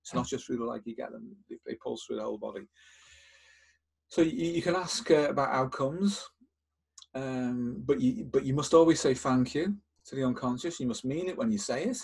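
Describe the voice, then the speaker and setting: An older male therapist hosting a podcast, explaining a method step by step in a calm, instructive way with frequent restarts and repeated words. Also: medium pitch, moderate pace, creaky, slightly rough.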